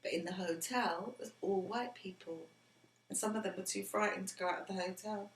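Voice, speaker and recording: A middle-aged woman earnestly tells personal stories to her grown son, who is interviewing her, often dropping to a near whisper. Her voice is medium pitched and a little fast, recorded in a roomy space with faint background noise.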